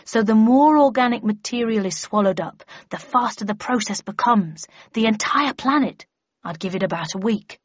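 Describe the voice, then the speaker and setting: A woman's voice: a little high, animated, normal speed, no echo. A woman voicing an earnest, fussy young male lab scientist who explains things carefully and matter-of-factly. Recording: slightly muffled lo-fi recording.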